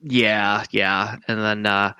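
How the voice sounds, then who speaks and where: Bright-toned man musing casually on a podcast. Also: fairly low pitch, flat delivery, slow pace, clean tone, no echo. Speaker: podcast co-host. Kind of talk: casual movie discussion.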